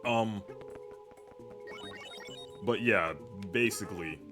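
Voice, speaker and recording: A man's voice: lowish voice, extremely slow. A young man chatting casually while streaming a video game, rambling with lots of fillers. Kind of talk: casual gameplay commentary. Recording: music playing behind.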